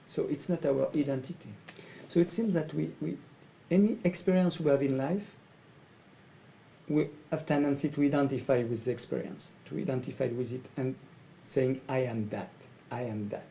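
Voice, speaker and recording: A middle-aged man from France with a French accent, a coach speaking in halting English and often repeating his phrases. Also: on the high side, gravelly, dark tone, slight background noise, poor audio. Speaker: coach and facilitator. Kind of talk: speaking to camera about his training.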